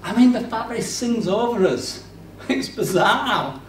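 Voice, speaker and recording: Guy preaching, goes loud then quiet, roomy church sound from off mic. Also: high-pitched, expressive, unhurried, distant mic, slight background noise. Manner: conversational, swings from loud to hushed. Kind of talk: sermon. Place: church hall.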